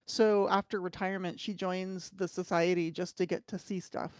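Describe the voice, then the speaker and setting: A woman's voice: fairly low pitch, level tone, moderate pace, clean tone, dry recording. Chatty enthusiastic woman, dry close sound. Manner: enthusiastic, chatty, restarts a lot. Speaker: podcast panelist. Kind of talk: casual chat.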